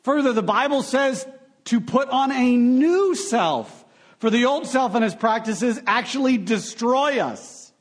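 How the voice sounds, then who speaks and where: A young adult man preaching a sermon, animated and full of sarcastic asides. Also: extremely high pitch, measured pace. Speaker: pastor.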